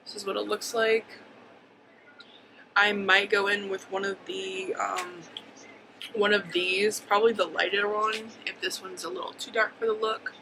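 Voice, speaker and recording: A woman's voice: mid-range voice, little pitch movement, unhurried, background noise. A woman in her twenties talking casually through a makeup tutorial, chatty and a little hyper, rambling with ums and likes. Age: 20s. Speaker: beauty vlogger.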